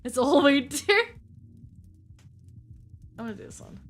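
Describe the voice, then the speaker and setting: A woman's voice: on the high side, lively intonation, unhurried, pauses often, slight background noise. A woman chatting casually with her chat while live-streaming a game, rambling and filling with "like".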